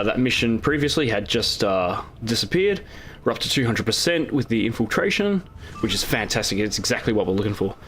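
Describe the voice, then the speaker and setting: A man's voice: mid-range voice, slight background noise. A man hosting his own gaming channel, casually talking over recorded gameplay in a rambling way with lots of fillers and restarts.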